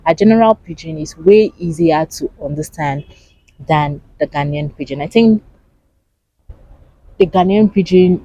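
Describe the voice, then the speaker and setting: A young woman with a Nigerian accent, chatting casually to camera in an animated way and asking rhetorical questions. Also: fairly low pitch, husky, no echo, low-quality recording. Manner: animated, asks rhetorical questions, laughs often. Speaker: vlogger.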